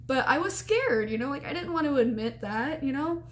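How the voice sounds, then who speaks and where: A young woman casually telling a story in a vlog, chatty and animated, with lots of fillers and restarts. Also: sits high, normal speed.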